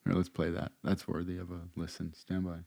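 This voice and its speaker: A man's voice: low voice, monotone, a little fast, gravelly, over loud music. A man hosting a podcast, giving meandering, sarcastic political commentary full of restarts, recorded close to the mic. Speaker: podcast host.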